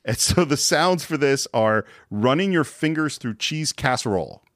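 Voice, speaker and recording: A man's voice: mid-range voice, animated, normal speed, fairly bright tone, dry recording, studio quality. A man hosting a podcast in casual chat, telling the story enthusiastically. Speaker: podcast host.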